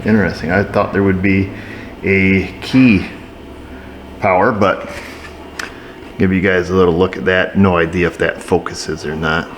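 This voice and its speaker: A man's voice: low-pitched, little pitch movement, unhurried, pauses often, a little hiss or hum. A man working as an auto repair technician, narrating casually while he diagnoses a truck and tossing dry, joking asides to viewers. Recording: roomy shop echo.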